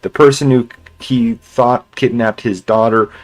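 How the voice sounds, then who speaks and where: A man's voice: medium pitch, fairly even intonation, a little slow, low-quality recording. A male streamer casually retelling a story in a rambling way, full of restarts and filler words. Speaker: game streamer.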